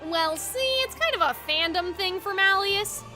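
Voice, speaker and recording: A woman's voice: very high voice, lively intonation, measured pace, music in the background. A woman doing a folksy, chummy gargoyle. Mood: folksy cheerful. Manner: folksy, drawling slang.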